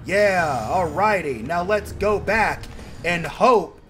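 A man playing a horror game and commenting, panicky, yelling and swearing at the enemies. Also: high-pitched, lively intonation, slow pace, a little hiss or hum. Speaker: gamer. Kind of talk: let's play commentary.

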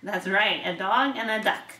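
A woman reading picture books aloud to a toddler, asking patient questions in a slow, playful way. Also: medium pitch, bright, forceful tone. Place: home room. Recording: roomy home video from a distance.

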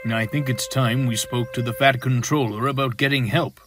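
A man's voice: mid-range voice, fairly even intonation, normal speed, a bit bright, soft background music, lightly acted. A man voicing a sensible male diesel engine in a storybook reading, with an earnest, blunt manner.

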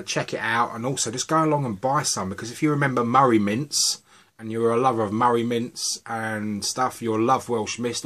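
A middle-aged man from the UK, chatting casually and rambling a little as he reviews vape juices. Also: mid-range voice. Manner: chatty, relaxed, rambling asides.

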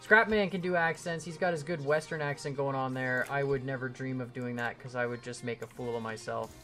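A man's voice: mid-range voice, steady tone, brisk, pushed and bright, faint music behind. Rambling guy streaming. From Canada. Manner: rambling, self-deprecating, reads chat aloud. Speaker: gaming livestreamer. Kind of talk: casual livestream chat while building.

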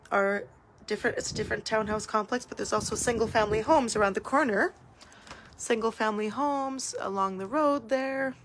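A woman's voice: mid-range voice, slight background noise. A Canadian woman, a real estate agent, walking through a house on a live video and talking in a chatty, upbeat way full of fillers and restarts. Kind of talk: live video home tour.

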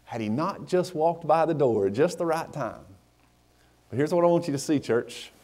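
A man, a middle-aged pastor, preaching a sermon and telling a personal story with animated dialogue. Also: on the high side, moderate pace.

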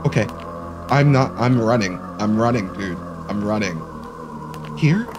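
A young man giving let's-play commentary on a horror game, excitable and swearing, breaking into panicky yelps when scared. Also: lowish voice, unhurried, music in the background. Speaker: gaming YouTuber.

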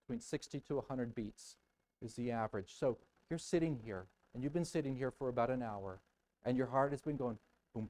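A man preaching a sermon as pastor in a church, dramatic and emphatic, repeating words for weight and swinging from hushed murmurs to loud outbursts. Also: mid-range voice, a little fast, poor audio. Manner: emphatic repetition. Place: church sanctuary.

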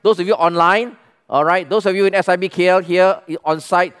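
A man's voice: sits high, fairly even intonation, brisk, fairly bright tone, clean tone. A man with a Malaysian English accent preaching a sermon as pastor to a church congregation, emphatic and full of questions to the people. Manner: emphatic, asks questions and calls the congregation to respond.

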